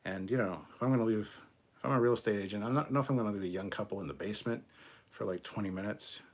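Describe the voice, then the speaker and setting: A man's voice: on the low side, quick pace. A man hosting a casual livestream, reading viewer comments and answering them in a blunt, profane, argumentative way.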